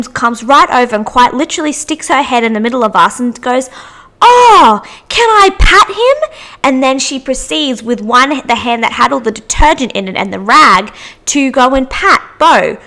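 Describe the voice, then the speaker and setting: A woman's voice: on the high side, moderate pace, sharp tone. A young woman hosting a podcast, chatting through anecdotes with frequent restarts. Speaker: podcast host. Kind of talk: casual storytelling monologue.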